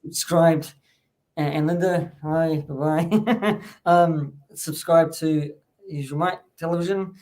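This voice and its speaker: A man with a voice on the high side and a steady tone hosts a casual live-streamed chat at a slow pace. His talk is loose and rambling, heavy with fillers and restarts, and he warmly thanks the chat.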